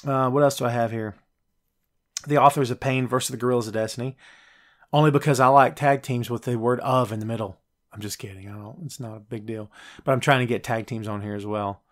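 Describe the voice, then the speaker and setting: A man hosting a laid-back wrestling talk show, riffing through his picks in an easy, chatty way. His voice sits at an average pitch for a man. He talks straight to the viewers and breaks into quick high-pitched voices when he quotes wrestlers. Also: fairly even intonation. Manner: chatty, jokey, addresses live viewers directly. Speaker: podcast host.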